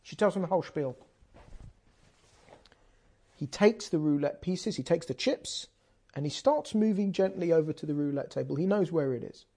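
A man, a rabbi, teaching a lesson through an animated story and acting it out with sound effects. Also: a little high, moderate pace, long pauses.

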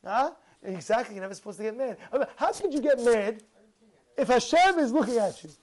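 A man's voice: very high voice, a little fast. A man giving an informal religious talk. He asks many rhetorical questions and often repeats and restarts his words. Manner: animated, full of rhetorical questions. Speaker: religious speaker.

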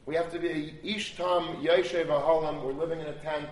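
High-ish voiced guy preaching earnestly, echoey room. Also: fairly even intonation, normal speed. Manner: earnest, repetitive exhortation. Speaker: rabbi. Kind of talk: sermon. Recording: echoey room, mic at a distance.

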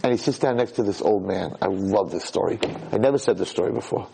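A man telling a story to an audience as a religious lecturer, animated and emotional, often rambling. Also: on the low side, fast, vocal fry, slight background noise. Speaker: Torah lecturer.

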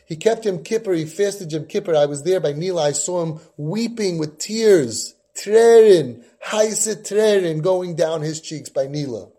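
A man's voice: a little high, lively intonation, moderate pace, hardly any pauses, mellow, husky. A man hosting a parenting podcast, telling a long personal story with Yiddish and Hebrew terms. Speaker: podcast host and parenting guide. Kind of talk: storytelling talk.

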